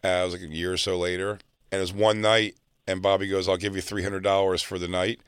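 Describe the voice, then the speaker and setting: A man from South Jersey telling a long, animated comedy anecdote and acting out other people's lines. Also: deep voice, fast, clear, resonant tone, dry recording, studio quality. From South Jersey, near Philadelphia. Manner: animated anecdote teller, acts out quotes. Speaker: comedian guest. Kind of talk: casual storytelling chat.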